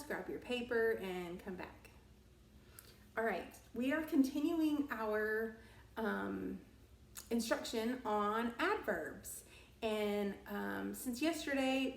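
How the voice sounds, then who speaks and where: Slow, patient teacher, gravelly, echoey room. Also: female voice, medium pitch, distant mic. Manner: slow, patient, drawn-out instructional delivery. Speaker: elementary school teacher. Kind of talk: recorded remote classroom lesson. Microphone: tablet device recording.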